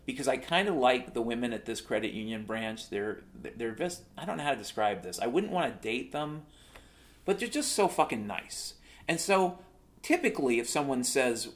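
A man's voice: mid-range voice, big pitch swings, moderate pace. A man delivering a sarcastic, profane monologue rant, telling stories and complaining as a show host.

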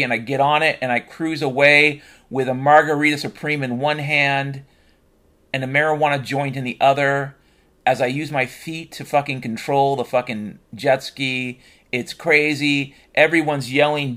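A man at an ordinary middle pitch rambles through an absurd comic tale, packing almost every sentence with swearing. He drops into flat, deadpan asides. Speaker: storyteller. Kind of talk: comedic rambling monologue.

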